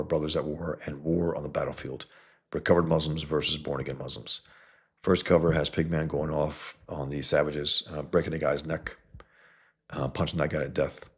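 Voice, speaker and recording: A man's voice: a bass voice, a bit bright, breathy edge. A man rambling bluntly and with strong opinions in a casual monologue as a comic book reviewer and cartoonist, often trailing off with fillers.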